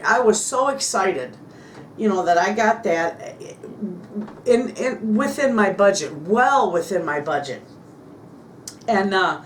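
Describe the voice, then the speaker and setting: A middle-aged woman vlogging about her homestead, telling a story to the camera in an excitable, chatty way. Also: fairly low pitch, slight background noise. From Michigan, United States. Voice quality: chatty, excitable, repeats "I said" often. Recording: echoey room.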